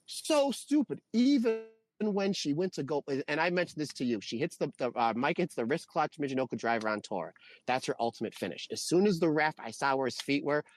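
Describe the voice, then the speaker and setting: A man co-hosting a wrestling review podcast, talking in an animated, exasperated rant. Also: fairly high pitch, dry recording. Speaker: podcast co-host. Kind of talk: casual wrestling review chat.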